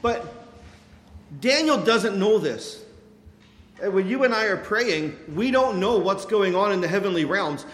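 A man preaches to a congregation, slipping into voices as he retells stories and peppering his talk with casual fillers. His voice sits a bit high. It rings out with a long reverb through a large hall. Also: measured pace. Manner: animated storytelling with quoted voices, many fillers. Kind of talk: sermon.

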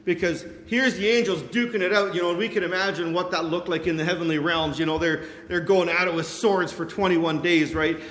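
Animated man preaching in an echoey hall. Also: high-pitched, a little fast, hardly any pauses. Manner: animated storytelling with quoted voices, many fillers. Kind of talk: sermon. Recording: echoey hall with long reverb.

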